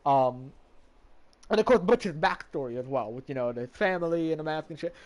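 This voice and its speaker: A man's voice: fairly high pitch, animated, moderate pace. A man streaming a game, casually recapping its story in a rambling way, restarting sentences and swearing now and then.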